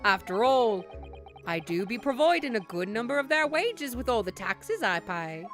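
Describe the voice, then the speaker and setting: A woman's voice: a little high, big pitch swings, normal speed, fairly bright tone. A woman voicing a boastful middle-aged Irish tycoon in a hammy put-on Irish brogue, with faint game music behind. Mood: jovial boastful. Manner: hammy, jovial brogue with lilting rises.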